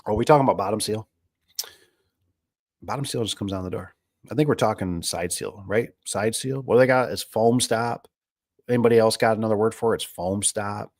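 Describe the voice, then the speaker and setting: A man's voice: fairly low pitch, quick pace, a little mellow, no echo, studio quality. A man who runs a garage door business, chatting casually to viewers in a rambling, folksy way full of fillers. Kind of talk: casual livestream chat.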